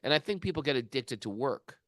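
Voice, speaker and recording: A man co-hosting a casual spiritual discussion podcast, an animated storyteller who often restarts his sentences. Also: medium pitch, a little fast, dry recording, studio quality. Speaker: podcast co-host.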